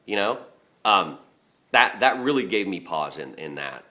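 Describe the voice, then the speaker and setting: Low-voiced, profane middle-aged man. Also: very animated, a little slow, sharp tone. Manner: profane, rambling, with many fillers and restarts. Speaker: garbage collector. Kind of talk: casual spoken storytelling.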